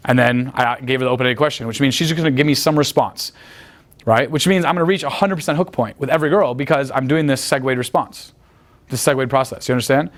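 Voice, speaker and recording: A young man teaching as a dating coach in casual seminar talk, blunt and crude, checking in with his listeners often. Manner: blunt and crude, acts out quick high-pitched quoted exchanges.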